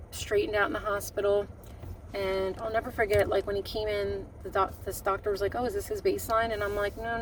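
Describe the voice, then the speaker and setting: A middle-aged woman vlogging, recounting a painful family story with emotion, halting and often restarting her sentences. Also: mid-range voice, distant mic, slight background noise, rough recording. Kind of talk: personal storytelling to camera.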